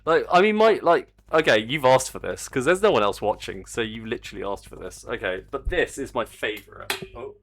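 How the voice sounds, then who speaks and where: A chatty, excitable man talks through his game-making live from a home desk, speaking into a desk mic on a stand. His voice swings up and down a lot, and he swears freely. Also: medium pitch, fairly quick, few pauses, a little hiss or hum. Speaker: indie game developer streaming. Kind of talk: casual live-stream commentary.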